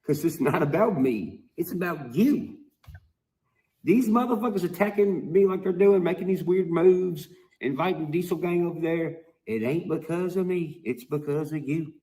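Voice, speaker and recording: A man vents in a heated video monologue, swearing freely and hammering his points home. His voice sits somewhat high for a man. He drags phrases out and leaves long pauses between them. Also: mellow. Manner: profane, heated, emphatic. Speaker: musician vlogger.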